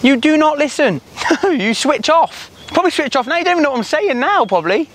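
A man's voice: very high voice, sing-song, quick pace, fairly bright tone, slight background noise. A man, a farmer, bluntly scolding and teasing in a casual argument.

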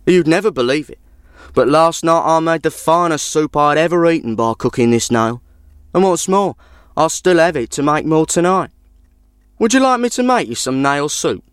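A crafty, hungry traveler, as a man puts him on coaxes and persuades in a folk tale. His voice is lively and animated. The recording is dry and close. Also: on the high side, normal speed, clean tone, no echo, pitched above the performer's own voice, close to an everyday voice. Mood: coaxing. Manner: coaxing and persuasive.

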